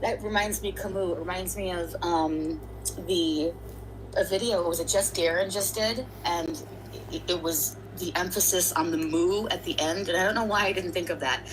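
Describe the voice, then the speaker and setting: A woman's voice: on the low side, moderate pace, noisy background. A woman hosting a casual livestream, chatty and rambling as she greets and thanks viewers. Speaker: livestream host.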